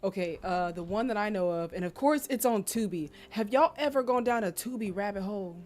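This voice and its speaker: A woman streamer chatting casually on a live stream, telling stories in a lively, slangy way and exclaiming loudly in disbelief. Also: medium pitch, brisk.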